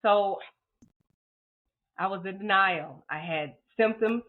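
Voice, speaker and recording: A woman telling a hard personal story as a podcast guest, heartfelt and a little emotional. She often repeats words and voices her own past thoughts aloud. Her voice comes through a narrow, phone-like line at a mid pitch. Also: slow pace.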